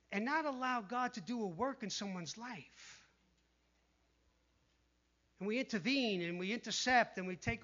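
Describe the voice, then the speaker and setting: A man preaching a sermon in an animated way, dropping to a hush when he quotes the tempters. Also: high-pitched. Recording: dull lo-fi sound.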